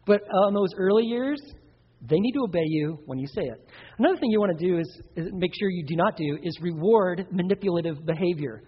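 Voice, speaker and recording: A man preaching a sermon on parenting, animated, acting out children and parents in playful voices. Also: high-pitched, fairly quick, breathy edge. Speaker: pastor. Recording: dull sound with long hall reverb.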